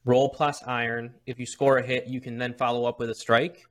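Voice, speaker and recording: A man's voice: medium pitch, level tone, a little fast. A man narrating as game master of a tabletop game, explaining rules with frequent restarts.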